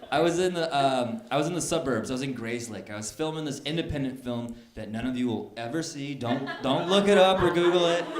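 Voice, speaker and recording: On a comedy club stage before a laughing audience, a man performs stand-up, telling stories in an animated way. When he acts out scenes, his voice jumps to a high, excited pitch. The echoey room is filled with crowd laughter.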